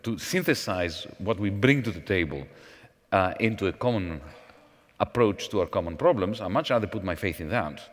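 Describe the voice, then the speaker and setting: A man speaking as a panel guest at a conference, in a measured, professorial manner with false starts. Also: low-pitched, lively intonation. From Greece. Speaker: panel guest, former finance minister. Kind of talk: onstage panel conversation. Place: large conference hall. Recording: long hall reverb.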